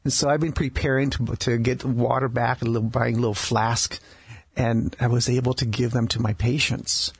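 Husky, gravelly-voiced man telling stories. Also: mid-range voice, level tone, no echo. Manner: halting, with many restarts and repeated words. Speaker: palliative care doctor, guest. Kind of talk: conversational storytelling interview. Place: radio studio.

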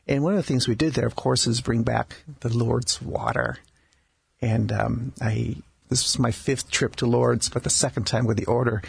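A male doctor in a radio studio interview, telling stories about his patients in a halting way, with frequent restarts and repeated words. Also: mid-range voice, steady tone, vocal fry, husky, no room sound. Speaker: palliative care doctor, guest. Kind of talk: conversational storytelling interview.

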